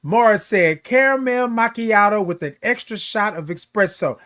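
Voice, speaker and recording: A man hosts a morning show as a casual livestream from a home decked out in Christmas decorations, the camera close to his face. His voice is high and fairly bright at a normal speed, and he's playful and chatty, drawling as he greets viewers by name.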